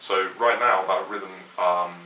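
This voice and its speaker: A man giving a metal guitar lesson, explaining rhythms in a relaxed, opinionated way and counting along to the click. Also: sits low, slow. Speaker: guitar teacher. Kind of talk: instructional explanation. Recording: roomy echo, mic at a distance, faint hiss.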